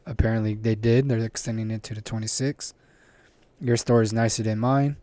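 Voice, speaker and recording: A man's voice: fairly low pitch, steady tone, a little fast, warm tone, dry recording. A young man in casual podcast talk, recorded dry and close. He speaks bluntly, swears freely and mimics the callers in his story. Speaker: podcast co-host. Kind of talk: casual chat.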